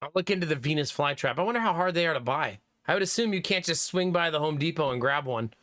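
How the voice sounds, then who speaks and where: A man streaming live, chatting casually with his viewers, animated and laughing often, with some swearing. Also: fairly high pitch, fast, dry recording, clean studio sound.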